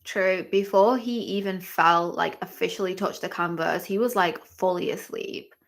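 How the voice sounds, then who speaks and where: Chatty woman with a gravelly edge. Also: on the low side, normal speed. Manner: excitable, exclamatory reactions; chatty, filler-heavy talk. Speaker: livestream host. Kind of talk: live fight-watching commentary.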